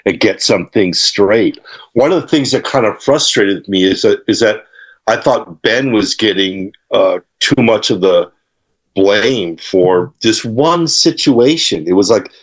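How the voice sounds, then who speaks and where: An older man as an interview guest, telling studio stories in a rambling, halting way, with many fillers and restarts. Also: fairly low pitch. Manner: acts out quotes and laughs while telling stories. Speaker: interview guest, guitarist and author. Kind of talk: casual interview storytelling.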